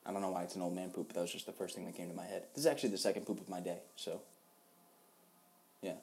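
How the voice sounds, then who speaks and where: A young man doing a crude comic podcast bit in a drawn-out, deadpan way. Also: deep voice. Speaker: podcast host.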